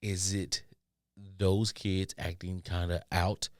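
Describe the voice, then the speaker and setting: A man's voice: sits low, little pitch movement, slow, darkish tone, no room sound, studio quality. A man hosting a podcast, ranting in an exasperated, sarcastic monologue. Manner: exasperated, sarcastic, does mocking voices of others. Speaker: podcast host.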